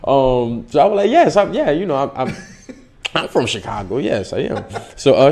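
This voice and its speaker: A young man, an actor, casually telling a story in an interview and acting out the dialogue with lively voices. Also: medium pitch, moderate pace, gravelly. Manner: animated, acts out dialogue in the story. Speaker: actor guest.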